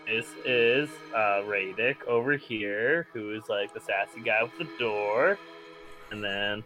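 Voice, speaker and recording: A man's voice: fairly low pitch, takes it slowly, pushed and bright, faint music behind, poor audio. A young man playing a tabletop game, talking in a loose, joking stoner-dude way full of "man" and "yo". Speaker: player. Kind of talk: casual in-character chat.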